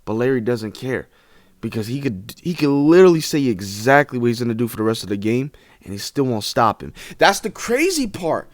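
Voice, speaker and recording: A young man reacting to clips, rambling excitedly with lots of fillers. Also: medium pitch, fairly quick, no room sound, clean studio sound. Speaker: reaction video host. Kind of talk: casual reaction commentary.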